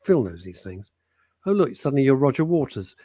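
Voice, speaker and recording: Brief: middle-aged British radio host, joking banter, dry close sound. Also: male voice, medium pitch, big pitch swings, mellow, no echo. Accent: British English. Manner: jokey, teasing, quick asides. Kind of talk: casual banter on air.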